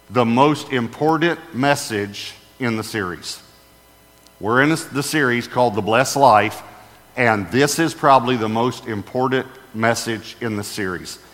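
A man's voice: medium pitch, a bit bright. Male pastor with a mid-range voice, preaching an emphatic sermon in a large church auditorium with a long reverb tail. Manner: emphatic, repeats key phrases.

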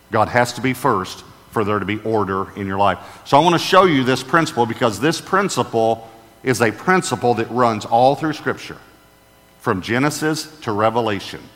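A man's voice: medium pitch, a bit bright. Male pastor with a mid-range voice, preaching an emphatic sermon in a large church auditorium with a long reverb tail. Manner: emphatic, repeats key phrases.

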